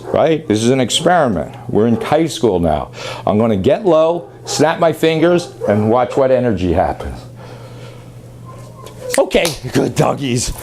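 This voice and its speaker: A man's voice: medium pitch, a little mellow. A man working as a dog trainer, giving a rambling, chatty on-camera demonstration that often corrects itself mid-sentence.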